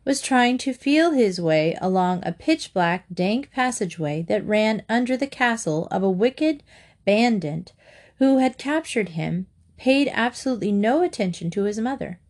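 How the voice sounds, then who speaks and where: A woman's voice: mid-range voice, a little slow. Woman reading a children's storybook. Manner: clear, steady storytelling. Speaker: narrator.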